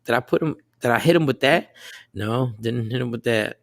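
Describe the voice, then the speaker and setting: Man, radio host, animated storyteller, crisp bright tone, dry close sound. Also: medium pitch, normal speed, no echo. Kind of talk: casual morning show banter.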